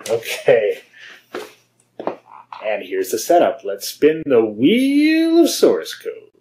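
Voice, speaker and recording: A slow-talking man with a mid-range voice and wildly swooping pitch chats over a noisy background while he plays his game and reads code. As host of a game and source-code video series, he rambles casually, dropping frequent fillers and small laughs.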